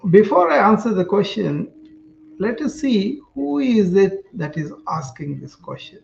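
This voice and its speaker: A man voicing a kindly, patient old male sage who teaches gently and calmly. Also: high voice, measured pace, vocal fry, highs cut off, slight background noise, voice pushed up, exaggerated voice. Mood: explaining.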